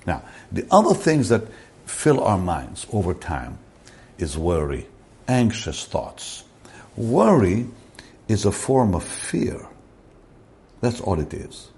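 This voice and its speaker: A man preaching a sermon slowly and deliberately, rising in pitch to stress key words. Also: sing-song, a little mellow.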